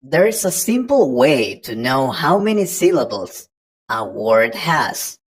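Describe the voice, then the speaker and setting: Woman English tutor, very low voice, slow and patient, walks learners through each point. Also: sing-song, slightly rough, rough recording. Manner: patient, explains step by step to the learner. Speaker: English teacher. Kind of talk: online pronunciation lesson.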